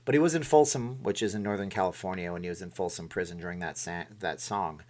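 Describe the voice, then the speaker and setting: A man's voice: low-pitched, fast, a little mellow. A middle-aged man from Canada hosting a casual live stream, reading and answering chat in a rambling way and often correcting himself.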